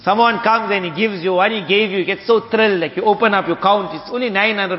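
A man's voice: high-pitched, quick pace. A man giving a hadith lesson, retelling stories casually and acting out the dialogue. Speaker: Islamic teacher. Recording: dull, lo-fi audio with long hall reverb.

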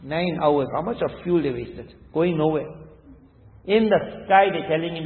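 An Islamic preacher, a man, tells a story in an emphatic, repetitive sermon style, his slightly high voice jumping up to hammer points home. He is heard through a thin, phone-like recording, and the sound rings on in a large, reverberant hall. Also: unhurried.

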